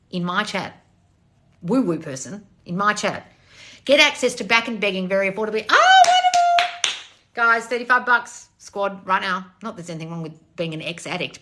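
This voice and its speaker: Woman coach, live-stream Q&A, blunt and sarcastic, bright tone, lowish pitch. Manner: blunt, sarcastic, swears freely. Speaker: manifestation coach. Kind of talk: live stream answering chat.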